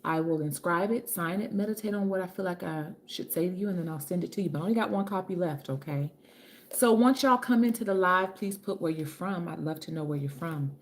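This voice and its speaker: A fairly low-pitched woman talks fairly quickly. She's a livestream host and author chatting casually and affectionately from home, with a kitchen and ring light around her, saying hello to viewers by name and calling them honey.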